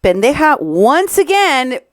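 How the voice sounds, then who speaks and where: A woman's voice: high voice, sing-song, slow, no room sound. A Mexican American woman hosting a podcast, commenting on recorded clips in an indignant, sarcastic way. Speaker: podcast host.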